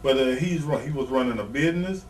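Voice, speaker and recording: A man's voice: medium pitch, lively intonation, fast. A man in an interview, bluntly telling rambling, profane stories about his wrestling days. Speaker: retired pro wrestler, guest. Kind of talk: casual interview storytelling. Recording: distant mic, faint background noise.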